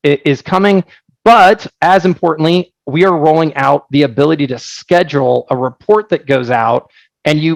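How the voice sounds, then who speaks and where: Gravelly, upbeat man on a webinar. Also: fairly high pitch, dry recording, rough recording. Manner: energetic, joking, storytelling with many asides. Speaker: software founder presenting on a webinar. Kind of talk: casual live product presentation.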